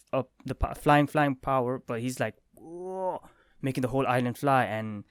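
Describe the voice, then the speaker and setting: Excitable man reviewing a comic. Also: mid-range voice, no room sound, clean studio sound. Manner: excitable, retells scenes with quick quoted lines and sound effects. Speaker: manga review vlogger. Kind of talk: casual spoken review.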